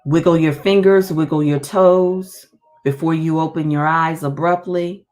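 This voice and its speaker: Woman meditation guide, low-pitched, unhurried, soothing, faint music behind. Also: steady tone, a little mellow. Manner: slow, soothing, repetitive encouragement. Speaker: meditation leader.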